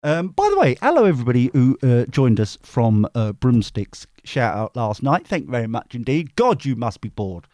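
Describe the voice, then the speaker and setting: A man's voice: medium pitch, huge pitch swings, moderate pace, few pauses, a little mellow, no echo, studio quality. A man hosting a tarot livestream, bantering playfully with his chat.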